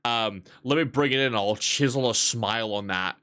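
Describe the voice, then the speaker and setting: A man's voice: mid-range voice, moderate pace, pushed and bright, close to an everyday voice. Streamer guy doing a rude construction dude customer, crude and mumbly. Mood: sneering.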